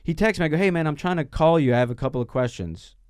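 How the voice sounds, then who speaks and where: A man's voice: on the high side, fast talker, no room sound, studio quality. A man telling a story in casual podcast chat, swearing often and stumbling over restarts. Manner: profane, animated, stammering restarts. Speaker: podcast guest.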